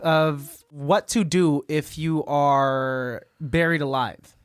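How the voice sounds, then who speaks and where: A man's voice: on the high side, fairly even intonation, slow, smooth, no echo, studio quality. A man co-hosting a podcast in casual chat, playful and laughing often. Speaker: podcast co-host.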